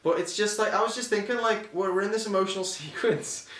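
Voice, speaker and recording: A male podcast co-host talks through a film in loose, rambling chat, swearing often and restarting his sentences. His voice sits a little high. The sound is roomy and echoey, and he is set back from the microphone. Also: fast, a bit bright, recorded from a distance. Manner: rambling, profane, acts out quotes in silly voices. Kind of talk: casual film review chat. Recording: echoey room, slightly off-mic.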